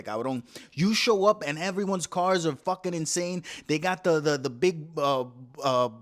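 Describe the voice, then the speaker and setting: A man from Puerto Rico with a Puerto Rican accent, hosting a profane, animated comedy monologue that switches between English and Spanish. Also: high voice. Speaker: comedy show host.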